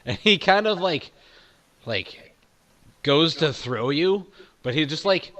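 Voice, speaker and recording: Male game master, slow and loose, rambling narration. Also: fairly high pitch, expressive, fairly bright tone. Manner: loose, laughing, filler-heavy.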